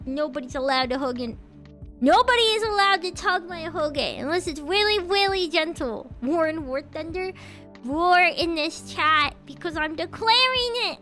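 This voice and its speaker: A woman's voice: very high-pitched, bright, forceful tone. A woman live streamer chatting casually and greeting her viewers one by one, bubbly and giggly with playful teasing. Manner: bubbly, giggly, playful, quick to tease chat. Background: faint background music.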